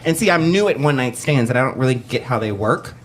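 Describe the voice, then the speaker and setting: Animated man telling a comic story live. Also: medium pitch, fast talker, slight background noise. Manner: animated, profane, acts out quoted voices. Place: cabaret stage before a live audience.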